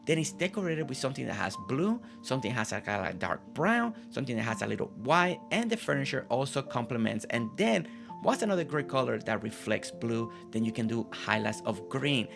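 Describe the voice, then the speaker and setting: A man with a gravelly, creaky voice at a middle pitch talks through a game home tour in a casual, admiring way. He often says things twice for emphasis. Soft music plays faintly underneath. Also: big pitch swings, a little fast. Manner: admiring, repeats phrases for emphasis. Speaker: gaming channel host. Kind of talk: casual gameplay commentary.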